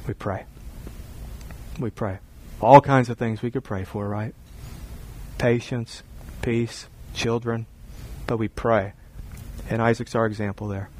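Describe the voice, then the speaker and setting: A man's voice: medium pitch, a little hiss or hum, low-quality recording. A man preaching a sermon as a pastor, joking and acting out scenes as he talks. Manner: animated, joking, acts out scenes.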